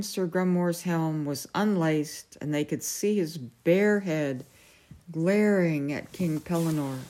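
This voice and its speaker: Slow, low-voiced woman reading a story. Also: mellow. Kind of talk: reading a novel aloud.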